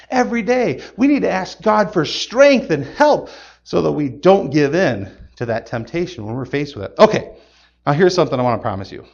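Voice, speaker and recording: A man giving a playful, animated object lesson to children, exclaiming and laughing as he goes. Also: sits high, lo-fi sound. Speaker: children's gospel magician.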